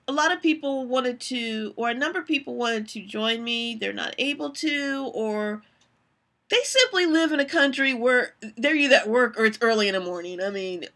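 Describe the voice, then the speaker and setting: Woman in her 40s rambling on her live stream, kinda high and really bright voice, candid, keeps restarting.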